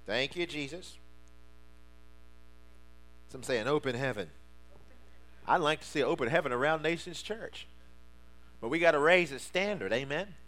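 A man preaching a sermon, calling for responses from the congregation and rising to fervent shouts. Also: fairly high pitch, lively intonation, normal speed, pauses often. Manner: preaching with call-and-response prompts. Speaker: pastor.

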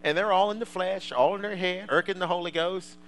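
A male preacher delivering a fervent sermon to a congregation, swinging from quiet asides to loud shouts. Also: sits high, a little fast, slight background noise, poor audio.

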